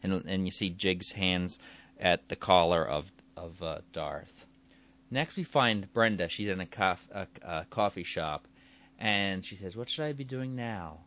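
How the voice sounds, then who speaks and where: A man's voice: low voice, a little slow, fairly bright tone. A man hosting his own podcast in a casual, rambling way, chuckling often and restarting his sentences. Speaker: podcast host. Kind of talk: casual solo podcast chat.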